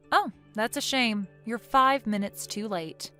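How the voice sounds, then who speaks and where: A synthetic woman's voice reading a text-message story in a cold, firm and measured way. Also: a little high, big pitch swings, bright, forceful tone, faint music behind.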